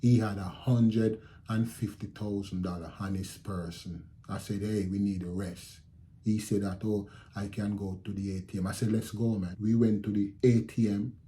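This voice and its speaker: A middle-aged Jamaican man telling his viewers a story in a casual, animated way, repeating phrases and acting out what people said. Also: on the low side, moderate pace. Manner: animated retelling with repeated phrases and quoted speech. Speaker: channel host telling a story.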